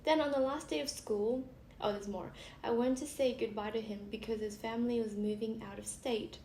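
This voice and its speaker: A young woman vlogger chatting casually and reading funny stories aloud while she does her make-up, giggling and trailing into soft asides. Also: on the high side, steady tone, moderate pace. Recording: echoey room with faint background hiss.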